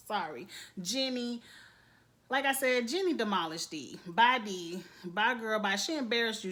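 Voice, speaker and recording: Woman, casual reality TV recap, animated, laughs often. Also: mid-range voice. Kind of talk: casual episode review.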